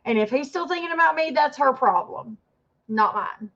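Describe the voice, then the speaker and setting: Her voice sits high and a bit bright, with lively intonation and a moderate pace. She's a fifties-aged woman hosting a casual livestream, ranting defensively, rambling, and pausing to greet chat viewers; the stream audio is dull and lo-fi.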